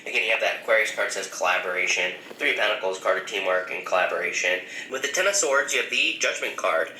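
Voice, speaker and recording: A man's voice: low-pitched, fast, sharp tone. Man reading tarot cards in a roomy echo. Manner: musing, hesitant, with fillers. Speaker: tarot reader. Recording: roomy echo with faint background noise.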